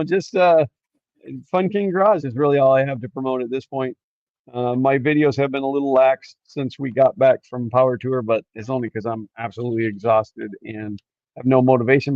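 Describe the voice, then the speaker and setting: A man's voice: medium pitch, a little mellow, no room sound. A middle-aged man from the US co-hosting a livestream, chatting casually and joking at his own expense. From United States. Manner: joking, self-deprecating, rambling. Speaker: co-host of a livestream. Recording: dull dry home mic.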